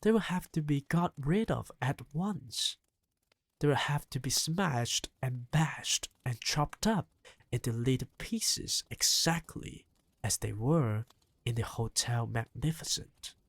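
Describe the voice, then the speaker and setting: A bossy old grandmother, voiced by a single reader, speaks with impatience and rousing fervour. Her delivery is unhurried with a lively rise and fall in pitch, recorded close and dry. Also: husky, dry recording, full character voice. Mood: impatient. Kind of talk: audiobook reading.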